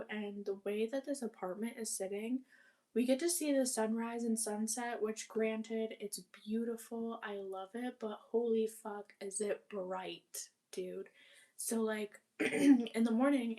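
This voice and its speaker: A woman's voice: fairly high pitch, steady tone, measured pace, mellow. A young woman chatting casually while cleaning her apartment, rambling with lots of fillers and casual swearing. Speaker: vlogger.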